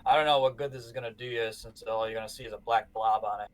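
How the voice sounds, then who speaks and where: A man's voice: mid-range voice, steady tone, quick pace, voice pushed down, natural voice. A man voicing a weary middle-aged power company manager who talks bluntly and sounds exasperated.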